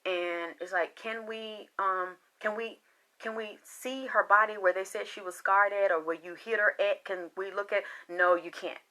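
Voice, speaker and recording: A woman's voice: mid-range voice, steady tone, normal speed, bright, forceful tone. A woman working as a spiritual reader, talking in a casual, impassioned monologue that is rambling and full of swearing.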